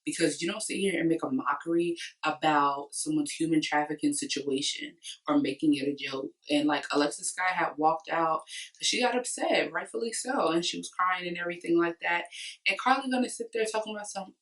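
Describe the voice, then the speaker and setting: A woman's voice: fairly low pitch, brisk, far from the mic, low-quality recording. A young woman vlogger chatting casually and sassily, recapping a reality TV episode with lots of slang. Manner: animated, sassy, slangy recapping. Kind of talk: casual chat.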